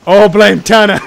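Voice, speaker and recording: High, excitable young man gaming. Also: vocal fry. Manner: excitable, yelps and laughs in panic. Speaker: gameplay streamer. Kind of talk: co-op gameplay commentary.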